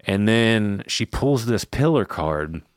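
A man's voice: fairly low pitch, expressive, takes it slowly, smooth, no echo, studio quality. A man co-hosting a podcast, telling a personal story in casual chat, candid and swearing freely. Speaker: podcast co-host.

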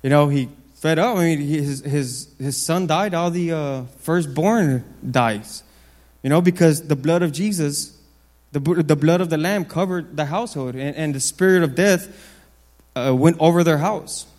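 In a big hall with a long reverb tail, a man with a high voice delivers a sermon at normal speed. Repetition is his main tool for driving points home, and he shifts from loud, raised phrases to hushed, low ones.

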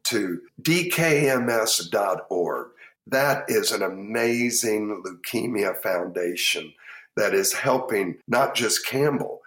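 An older man with a Texan accent, a chef telling lively anecdotes in an interview and acting out the people in them. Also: lowish voice. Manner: lively anecdotes, acts out quoted voices. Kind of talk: storytelling interview. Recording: echoey room.

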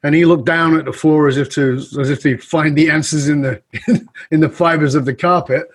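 A middle-aged man with a slightly husky, breathy voice speaks as an interview guest. He tells his story in an animated way and plays out the dialogue as he goes. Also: a little high, normal speed. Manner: animated storyteller who acts out quoted dialogue.

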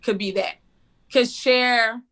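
A woman in her forties, a teacher and speaker, chatting as an interview guest with energy and jumping in pitch when she quotes people. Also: fairly even intonation, slow pace, pushed and bright. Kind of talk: casual interview chat.

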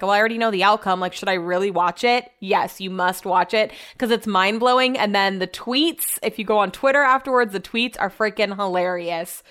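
A woman's voice: medium pitch, fairly bright tone. A young adult woman talking casually in a rambling, upbeat vlog, with a lot of "like" in her speech. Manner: rambling, upbeat, chatty with lots of "like". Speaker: vlogger.

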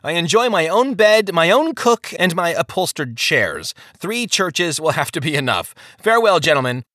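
A man's voice: on the high side, sing-song, moderate pace, bright, forceful tone, dry recording, clean studio sound, voice pushed up. A man voicing a comfort-loving nobleman who speaks in a haughty, self-satisfied way. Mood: smug. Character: pompous comfort-loving old lord.

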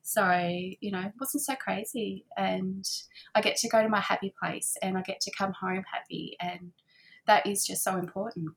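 A middle-aged woman, chatting casually as an interview guest, with lots of fillers and a husky voice. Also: medium pitch, steady tone, normal speed. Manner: chatty, warm-hearted, many fillers and soft laughs. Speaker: guest, handmade boutique owner. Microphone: remote call.

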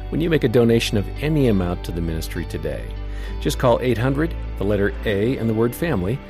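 A man hosting a radio program, reading an announcement in a smooth, lively way. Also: fairly low pitch, fast talker, faint music behind. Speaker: radio host.

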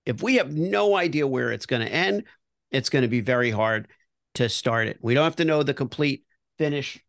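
A man's voice: medium pitch, expressive, normal speed, gravelly, a bit bright, dry recording, studio quality. A middle-aged man co-hosting a podcast, explaining an improv game and repeating words as he thinks. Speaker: podcast co-host. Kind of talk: casual improv coaching.

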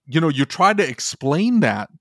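A man with a fairly high voice that swings wildly up and down as he vents, exasperated and heated, swearing in a casual way. His voice is close and dry, with no room sound around it. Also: very animated, normal speed, dry recording. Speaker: podcast co-host. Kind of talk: animated ranting podcast conversation.

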